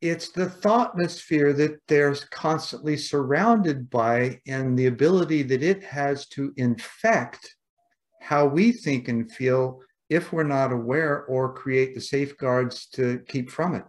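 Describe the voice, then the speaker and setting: A man's voice: medium pitch, takes it slowly. A man in casual conversation, reflective and philosophical, often restarting and repeating words.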